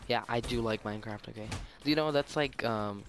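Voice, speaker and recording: A young man with a lowish, fairly bright voice at normal speed gives rambling, casual gameplay commentary as a gaming YouTuber, self-mocking and full of fillers. Game audio, including gunfire, plays behind his voice.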